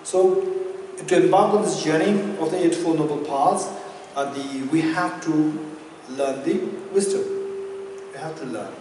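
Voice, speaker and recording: A man's voice: a little high, measured pace, a little mellow. Man teaching dharma in an echoey hall. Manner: repeats key phrases while explaining. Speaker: Buddhist teacher. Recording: echoey hall, distant mic, faint noise.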